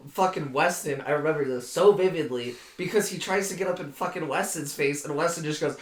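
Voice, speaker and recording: A man's voice: on the high side, fairly quick. A young man co-hosting a podcast, telling a story in a sarcastic, swear-heavy way and laughing along as he goes. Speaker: podcast co-host. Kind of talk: casual storytelling among friends. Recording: roomy echo.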